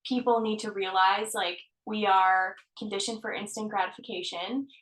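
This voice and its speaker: A woman, a healer, talking as a podcast guest in an earnest, animated way, laughing often and swearing now and then. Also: mid-range voice, moderate pace. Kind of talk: casual conversation. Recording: roomy echo.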